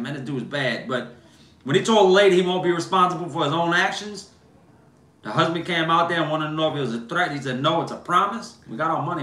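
Bright-voiced man telling stories. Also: on the high side. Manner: animated, slangy storyteller, lots of "bro" and "man". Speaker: host. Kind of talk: casual storytelling livestream. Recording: echoey room.

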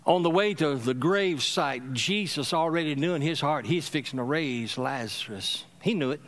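A middle-aged pastor, preaching in a high, bright, ringing voice. He calls on the congregation to answer back, rising to loud exhortation and then dropping to soft, low murmurs. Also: normal speed. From Louisiana, USA. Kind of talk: sermon. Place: church sanctuary.

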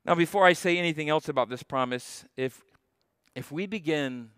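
A man preaching a sermon as a guest pastor, stressing key phrases and slowing down to repeat them. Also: fairly high pitch, a bit bright, smooth, no room sound, studio quality. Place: church sanctuary.

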